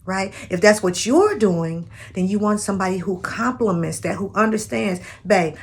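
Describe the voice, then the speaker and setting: A woman's voice: mid-range voice, lively intonation, moderate pace, husky. A woman vlogging dating advice to viewers she calls sis, in a chatty, preachy, spiritual way. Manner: spiritual, encourages prayer and manifesting. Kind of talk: casual motivational talk to camera.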